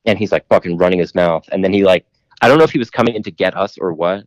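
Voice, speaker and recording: A man's voice: sits low, fast talker, dry recording. A man telling a long rambling story in casual podcast chat, full of "like" and casual swearing.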